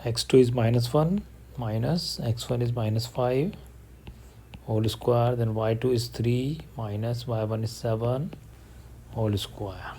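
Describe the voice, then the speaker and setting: In an online math lesson that mixes English and Hindi, a man with a medium-pitched voice works through a problem aloud at a measured pace. He explains steadily, step by step, with slight background noise behind him.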